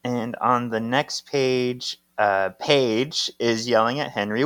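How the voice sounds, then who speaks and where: A man's voice: mid-range voice, steady tone, takes it slowly, a bit bright, clean tone, dry recording. Man casually recapping a comic, dry sound. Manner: acts out characters' lines in playful voices. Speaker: podcast co-host.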